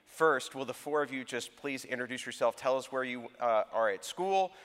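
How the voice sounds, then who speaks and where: A man leading a church service, encouraging and lively, with some fillers, recorded in a church sanctuary. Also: mid-range voice, normal speed, clear, resonant tone. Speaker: church service leader interviewing students. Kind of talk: live church talk. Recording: echoey hall.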